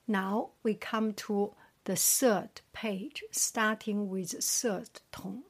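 Slow, soft-spoken woman teaching word drills. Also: mid-range voice, breathy edge. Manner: very slow, repeats each word twice then translates; often drops into a soft whisper. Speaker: language teacher. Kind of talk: soft whispered tone-drill lesson.

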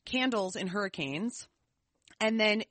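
A woman co-hosting a podcast, telling stories in a lively, casual way. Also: mid-range voice, a little slow, no room sound. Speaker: podcast co-host. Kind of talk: casual chat.

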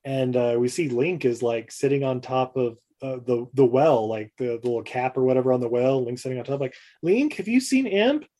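Man, podcast co-host, dark mellow tone, loose rambling recap style. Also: mid-range voice, flat delivery, brisk, few pauses. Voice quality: mellow, rambling with many fillers. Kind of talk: casual movie recap chat.

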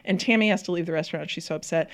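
Speaking very fast in a lowish register, this woman co-hosts a laid-back TV chat. She's a podcast co-host whose manner is gushing and talkative, packed with filler words and frequent laughter.

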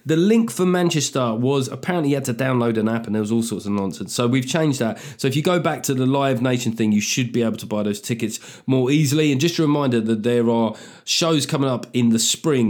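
A man's voice: mid-range voice, a little fast, a little mellow. Sardonic man riffing. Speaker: comedian podcast host. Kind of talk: comic monologue.

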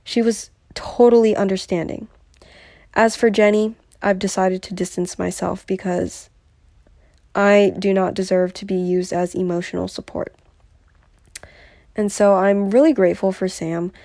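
A woman's voice: medium pitch, steady tone, a little slow, mellow, dry recording, clean studio sound. A young adult woman hosting her own podcast, talking candidly and earnestly in a confessional way. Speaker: podcast host. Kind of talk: solo podcast talk.

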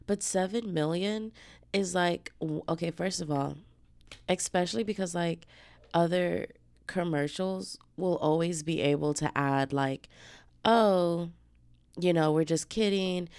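With no room sound around her, a woman with a lowish, darkish voice hosts her solo podcast while fighting the flu. She chats casually and profanely, full of slang, and calls her audience babes.

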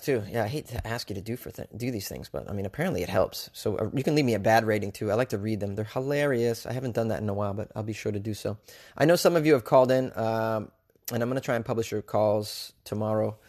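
A man's voice: lowish voice, fast, a little mellow. Rambling, joking male podcast host. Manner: loose, joking, rambling with many fillers. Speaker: podcast host and stand-up comic. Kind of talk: casual solo podcast chat.

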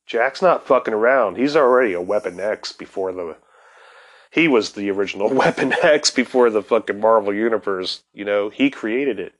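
Profane, excitable man telling comics history. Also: lowish voice, normal speed. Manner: profane, excitable storyteller who laughs often. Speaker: podcast host. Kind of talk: casual comics commentary.

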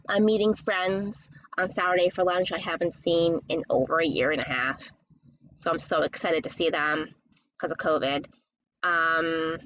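A woman's voice: fairly low pitch, highs cut off, a little hiss or hum. Chatty woman hosting a podcast. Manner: chatty, rambling, gushing when excited. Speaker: podcast host. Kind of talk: casual solo chat.

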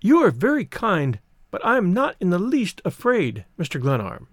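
A poised young woman with a frosty, formal courtesy, as a male storyteller puts her on. The voice rides noticeably higher than his own and moves lively through the lines, recorded dry and close. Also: normal speed, dry recording, full character voice. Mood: firm earnest.

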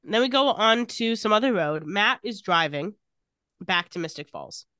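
A woman co-hosts a casual podcast, retelling an episode scene by scene and quoting the characters' lines. Her voice sits at an ordinary middle pitch. The recording is dry and close, with no room echo. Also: animated, moderate pace, sharp tone. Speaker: podcast co-host recapping a TV episode. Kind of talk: casual chat.

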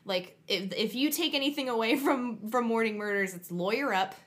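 A woman's voice: fairly high pitch, moderate pace, a bit bright. A woman co-hosting a casual true-crime podcast, talking frankly and bluntly. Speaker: podcast co-host.

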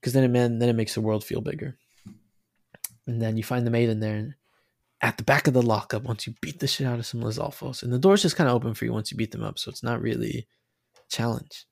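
A man co-hosting a casual podcast, rambling about a video game with animated, swearing talk and many restarts. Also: mid-range voice, quick pace, gravelly, dry recording, clean studio sound. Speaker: podcast co-host.

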